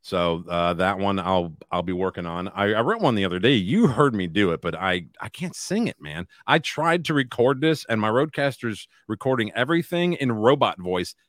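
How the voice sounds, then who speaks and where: A man's voice: on the low side, animated, moderate pace, few pauses, no room sound, studio quality. A man co-hosting a casual podcast, joking crudely and singing his own parody lyrics. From Alabama. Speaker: podcast co-host. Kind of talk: casual chat and song parodies.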